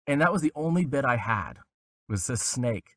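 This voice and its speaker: A man's voice: moderate pace, a little hiss or hum. A young adult man, a voice actor guest, telling a casual story in an interview and acting out the voices of the people he quotes. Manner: animated, acts out quoted voices with big pitch jumps.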